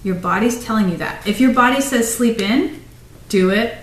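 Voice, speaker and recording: A woman's voice: fairly high pitch, moderate pace. A woman giving a casual, rambling pep talk on a phone livestream, drifting off on tangents. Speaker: running and fitness motivator. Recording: roomy sound from far off the mic.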